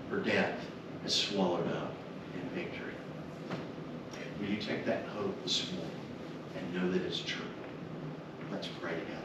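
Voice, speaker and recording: A man delivers a funeral sermon in a deliberate, unhurried cadence, pressing his listeners with repeated earnest questions. He is picked up from a distance in a strongly reverberant chapel. Clear room noise sits under his voice. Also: deep voice, steady tone. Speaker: officiant at a memorial service. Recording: echoey chapel, mic far off, room noise.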